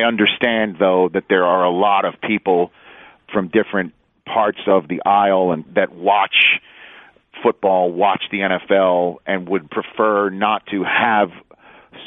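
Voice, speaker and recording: A man with a lowish voice tells stories as a guest, laughing often and acting out what people said. The sound is thin and phone-like, with a dry, close tone and no room around it. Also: no echo. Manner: animated storyteller, laughs often, acts out quotes. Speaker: sportscaster guest. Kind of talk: casual interview storytelling.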